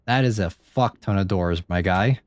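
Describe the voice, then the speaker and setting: A man streaming a horror game live, reacting out loud, swearing and chatting to viewers. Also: deep voice, normal speed. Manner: jumpy, swears often, chats to viewers. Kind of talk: live gameplay commentary.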